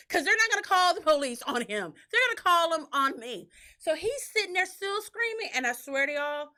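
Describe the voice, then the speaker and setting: A woman hosting a podcast, telling stories in a casual, profane way and acting out what others said. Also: fairly quick. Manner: animated, profane, acts out quotes in a shrill crying voice. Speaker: podcast host. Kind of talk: casual storytelling chat.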